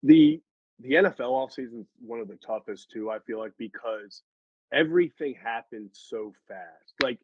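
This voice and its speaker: A young man with a husky, slightly breathy voice riffs through casual sports talk, animated and quick to laugh. His voice sits in a middle register. The recording is dry and a little dull and lo-fi. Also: medium pitch, no room sound. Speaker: podcast co-host. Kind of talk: casual chat.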